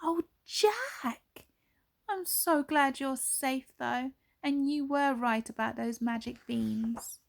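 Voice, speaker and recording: A woman's voice: high voice, slow pace, vocal fry, voice pushed up, full character voice. A woman voicing a loving, relieved mother in a storybook reading.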